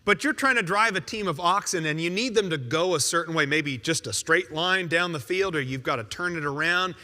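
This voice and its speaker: A male pastor preaching a sermon in a conversational, emphatic way, with quick rebuttals. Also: fairly high pitch, pushed and bright, big-room sound.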